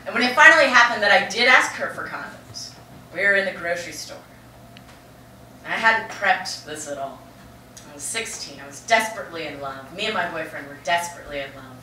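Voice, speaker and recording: Young woman, bright open-mic storyteller, blunt and rambling, echoey room from a distance. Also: lowish voice, animated, a little fast, slight background noise. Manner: frank, profane, rambling with many "like" fillers. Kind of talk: confessional stand-up storytelling. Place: stage in a roomy venue with a live audience.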